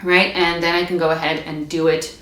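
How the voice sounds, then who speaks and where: Woman music teacher, lowish voice, patient step-by-step explainer, echoey room. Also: little pitch movement, a little fast, fairly bright tone. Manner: explains patiently, demonstrates between phrases. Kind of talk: instrumental practice lesson. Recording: echoey room with string playing. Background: bowed string instrument between lines.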